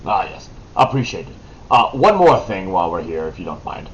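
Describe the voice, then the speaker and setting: Lively low-voiced man playing a tabletop game. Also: a little fast, lo-fi sound, a little hiss or hum. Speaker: player. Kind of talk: casual tabletop game play.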